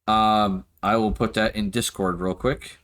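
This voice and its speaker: A man running a tabletop game as game master, narrating scenes with many halting fillers. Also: on the low side, little pitch movement, a bit bright.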